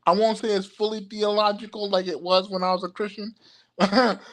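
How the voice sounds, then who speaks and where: A young man hosting a livestream, talking casually to his viewers, halting and full of stammered restarts, often laughing. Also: high voice, little pitch movement, fairly bright tone. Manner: addresses viewers directly as "y'all". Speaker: occult livestream host. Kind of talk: rambling casual livestream talk.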